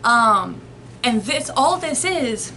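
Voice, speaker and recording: A woman's voice: a little high, sing-song, slow pace, pushed and bright, slight background noise, low-quality recording. A woman explaining things to her viewers in a casual, rambling way, restarting her sentences and reaching for everyday comparisons. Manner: rambling, conversational, frequent restarts and analogies. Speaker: host explaining sleep and nightmares.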